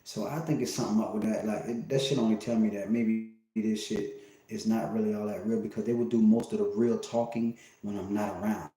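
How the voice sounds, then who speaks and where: A man's voice: lowish voice, steady tone, brisk, dark tone. A man talking to his livestream in a casual, rambling monologue, cursing often and stumbling through fillers and restarts. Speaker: livestream host. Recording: very echoey room.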